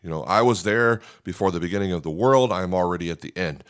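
Deep-voiced preacher, conversational. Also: male voice, quick pace, fairly bright tone. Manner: conversational, frequent "okay?" check-ins. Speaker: pastor. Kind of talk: sermon teaching.

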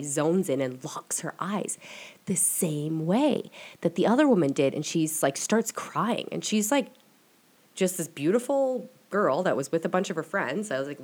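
A young woman hosts a podcast in a low voice, telling personal stories in a loose, confessional way. She peppers her talk with "like" and swears freely. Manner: chatty, frequent "like" fillers, swears freely. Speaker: podcast host. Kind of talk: casual confessional storytelling.

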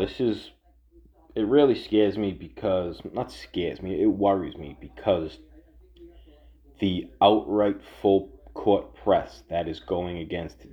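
Profane ranting man, dull audio. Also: sits low. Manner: heated, profane, repetitive, sarcastic. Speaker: political commentator. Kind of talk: casual rant.

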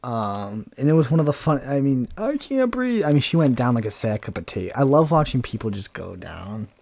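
A man's voice: medium pitch, lively intonation, brisk, vocal fry, a little mellow, dry recording. A young man hosting a talk show, ranting casually in a blunt, sarcastic and profane way, rambling with lots of fillers. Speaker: podcast host.

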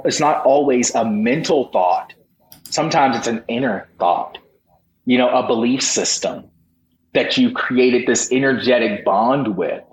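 A man talking as a podcast guest and motivational speaker, emphatic and preacher-like, with rising bursts of intensity. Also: medium pitch. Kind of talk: impassioned motivational talk. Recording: roomy echo, faint background noise.

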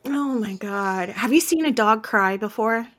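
A woman hosting a podcast in casual chat, expressive and gushing, with frequent exclamations. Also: mid-range voice, unhurried. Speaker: podcast host.

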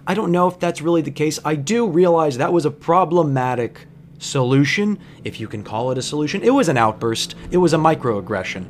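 A man, a bartender, telling a long personal story from work. He swears freely, wanders off into digressions and pauses to reflect on how he acted. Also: a little high, expressive, a little hiss or hum. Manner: digressive, profane, self-reflective.

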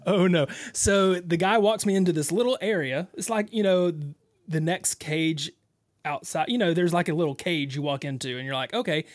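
A man, a radio co-host telling an animated story and acting out other people's voices. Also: high-pitched, normal speed. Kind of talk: casual storytelling on talk radio.

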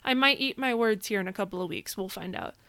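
An American woman co-hosting a podcast in casual chat, excitable and quick to swear. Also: mid-range voice, no room sound. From United States. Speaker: podcast co-host.

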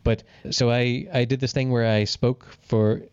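A man's voice: medium pitch, little pitch movement, a little slow, darkish tone, clean tone, no room sound, muffled recording. A man co-hosting a podcast, telling a story in casual chat and swearing freely. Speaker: podcast co-host.

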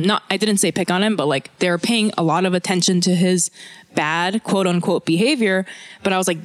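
A woman's voice: fairly low pitch, fairly quick, dry recording. A woman in casual chat, telling a story animatedly, acting out what people said and swearing freely. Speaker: podcast guest telling a story.

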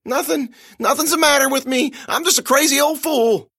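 A man voicing a kooky, jittery old man with a shotgun, in a high, shrill voice. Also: normal speed, bright, forceful tone, no room sound, clean studio sound, full character voice. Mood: panicked.

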